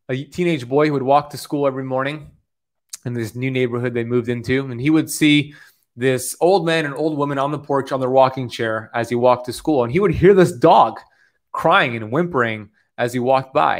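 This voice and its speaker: A man's voice: medium pitch, fairly quick. A man in his thirties coaching on the keto diet, talking to camera in an upbeat, preachy way, often checking in with "okay?". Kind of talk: motivational talk to camera.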